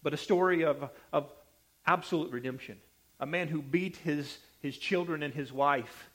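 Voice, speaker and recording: A man preaching a sermon, emphatic and repetitive, with sharp swings between loud and soft delivery. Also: a little high, normal speed. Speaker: pastor.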